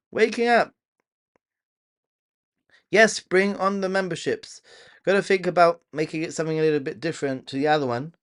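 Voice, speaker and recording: A man hosting a casual live stream, chatting to viewers, reading their comments aloud and laughing often. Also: on the high side. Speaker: livestream host.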